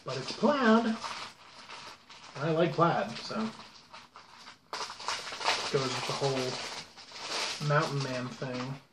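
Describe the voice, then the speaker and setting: A man's voice: medium pitch, steady tone, extremely slow, long pauses. Chatty man in an echoey room. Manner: rambling, chatty, self-deprecating asides. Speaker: pipe-smoking channel host. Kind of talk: casual unboxing commentary. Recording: echoey room with faint background noise.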